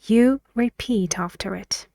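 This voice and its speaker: A woman gives a slow, deliberate pronunciation lesson, her voice rising and falling to show each pattern. The sound is dry and close, with no room around it. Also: gravelly, warm tone, dry recording. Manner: slow, careful, modelling intonation with exaggerated pitch. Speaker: English teacher.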